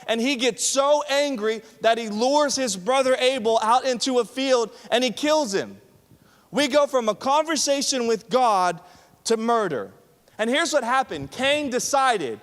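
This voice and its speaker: High-voiced man preaching in a hall. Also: normal speed. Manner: animated preaching, shifting from loud to quiet and hushed. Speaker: youth pastor. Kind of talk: sermon. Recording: reverberant hall.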